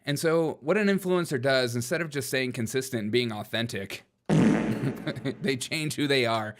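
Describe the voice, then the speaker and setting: A man's voice: medium pitch, moderate pace, very noisy. Male commentary host riffing and mocking, keeps laughing. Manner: joking and mocking, breaks into laughter often. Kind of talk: comedic political commentary.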